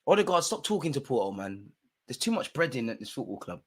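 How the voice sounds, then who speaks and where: Talking a little fast with a slightly rough voice, a young watch-along host reacts to a live football match with lots of slang, swinging from shouts to quiet muttering.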